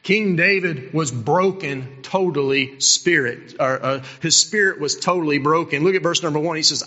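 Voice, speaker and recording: A middle-aged man preaching a sermon as pastor, impassioned, swinging between loud appeals and hushed asides. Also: a little high, moderate pace, few pauses, long reverb tail, highs cut off.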